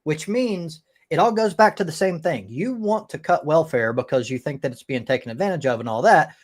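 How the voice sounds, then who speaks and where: A man's voice: a little high, animated, brisk. A man hosting a live-stream debate, arguing emphatically and swearing often. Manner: emphatic and profane, with frequent restarts. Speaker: host.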